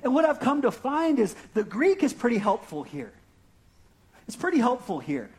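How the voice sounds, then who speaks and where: A man's voice: very high-pitched, big pitch swings, moderate pace, darkish tone. A man preaching a sermon in a conversational, self-deprecating way, often checking in with "right?" and "okay?", with an Arizona accent. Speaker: pastor.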